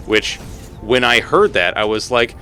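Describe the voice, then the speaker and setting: A man in his thirties chatting loosely with his stream while he plays. His pitch swings up and down a lot, and his bright, forceful tone keeps the banter bouncing along with jokes and casual swearing. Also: a little slow, faint music behind. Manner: animated, joking, swears freely, talks to chat. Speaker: game streamer. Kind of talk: casual live-stream chat while gaming.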